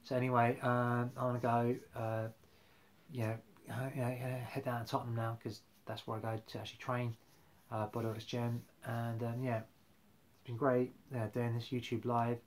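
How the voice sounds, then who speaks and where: A man's voice: medium pitch, flat delivery, moderate pace. Rambling man chatting about football. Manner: rambling, chatty, many fillers and restarts. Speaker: football fan vlogger. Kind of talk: casual live-stream football chat.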